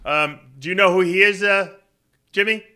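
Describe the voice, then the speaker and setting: A man hosting a podcast with a high, bright voice, needling a guest in loose back-and-forth. His manner is teasing and mocking. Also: moderate pace, clean tone. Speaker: podcast host. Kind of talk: teasing casual chat.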